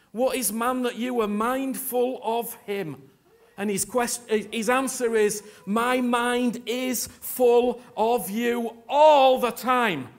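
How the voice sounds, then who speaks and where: A male preacher delivers a sermon in an unusually high, bright voice. He speaks slowly and deliberately, stretching key phrases for emphasis. His delivery is impassioned, with sudden loud peaks as he urges the congregation on.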